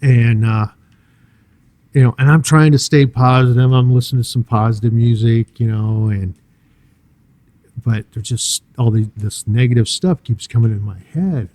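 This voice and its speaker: An older man sharing a personal testimony in an interview, telling his story in an earnest, halting way with many fillers and restarts. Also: medium pitch, dark tone, no room sound. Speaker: church guest sharing a testimony.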